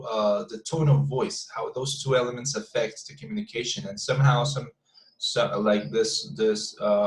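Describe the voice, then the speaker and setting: A male English teacher with a Spanish accent talks his class through a lesson over a video call, stopping to repeat words and fill gaps with "uh" and "um". His voice sits at a middle pitch. The room around his mic adds a clear echo. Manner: halting, with many repeated words and fillers.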